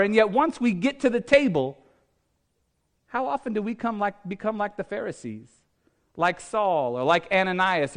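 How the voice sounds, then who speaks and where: A male pastor preaching a sermon in a conversational way, reading scripture and asking the congregation questions. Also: high voice. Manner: reads scripture aloud, acting out the speakers' lines.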